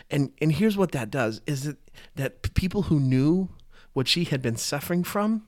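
A man's voice: a little high, expressive, moderate pace. A man giving a casual, earnest Bible teaching, talking conversationally and often repeating and restarting his phrases.

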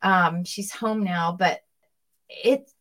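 A woman's voice: lowish voice, slow pace, fairly bright tone. A woman co-hosting a Christian talk show, chatting in a conversational way and leading prayer.

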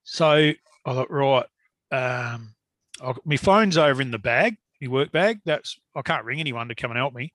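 A man telling a long story in casual chat, animated and swearing freely. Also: mid-range voice, moderate pace, no room sound.

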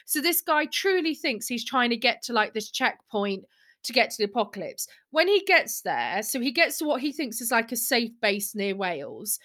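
A woman co-hosting a podcast, telling a story in a casual, animated and rambling way. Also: fairly high pitch, moderate pace. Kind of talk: casual chat.

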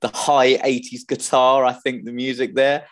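A man's voice: medium pitch, level tone, normal speed, a bit bright. A man in his thirties, a guest on an online call, talking eagerly and nostalgically in casual chat. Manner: enthusiastic, nostalgic fan talk.

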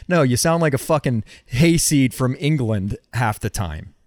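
A man's voice: medium pitch, expressive, a little slow, few pauses, no echo, studio quality. A man co-hosting a podcast, talking in blunt, teasing, profane comedic chat. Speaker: podcast co-host.

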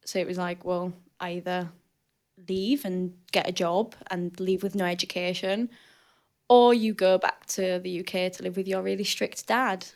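Speaking at a measured pace in a fairly low, creaky voice, a woman in her twenties appears as a guest athlete in an informal chat. She comes from Hull, grew up in southern Spain, has a thick Northern English accent, and tells animated stories full of fillers.

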